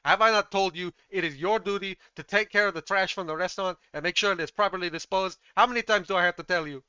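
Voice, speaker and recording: A man's voice: mid-range voice, steady tone, normal speed, pushed and bright, smooth, dry recording, dull audio, close to an everyday voice. A man voicing a proud, hot-tempered male restaurant chef who drops Spanish words into his talk. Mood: indignant.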